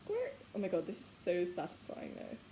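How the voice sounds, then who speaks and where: A giggly young British woman talks her way through a home cooking vlog, her pitch bouncing all over the place as she rambles. Clear background noise sits under the home recording. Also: huge pitch swings, fast, dark tone. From Britain. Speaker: vlogger. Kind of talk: casual cooking vlog chat. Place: home kitchen.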